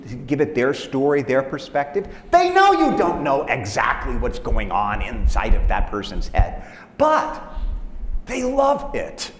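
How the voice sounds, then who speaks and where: A man, a pastor, telling a story and talking to fellow pastors in an animated way. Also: on the high side. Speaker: pastor, conference speaker. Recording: echoey hall, faint background noise.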